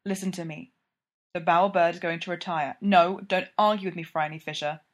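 A woman's voice: on the low side, fairly even intonation, moderate pace, natural voice. Stern, clipped male inspector, dry and firm, voiced by a woman reader.

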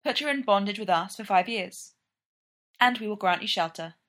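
A stern woman who leads an isolated farming community, as a woman reads her lines. She speaks in curt, formal commands and does not soften them, in a storybook telling. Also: medium pitch, lively intonation, normal speed, close to an everyday voice.

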